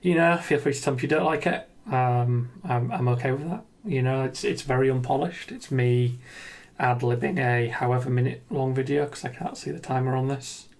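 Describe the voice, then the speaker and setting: A man's voice: medium pitch, normal speed, darkish tone. A man talking through an unscripted, reflective video monologue, hesitant and earnest, with lots of ums and restarts. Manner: earnest and self-deprecating. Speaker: gaming video creator.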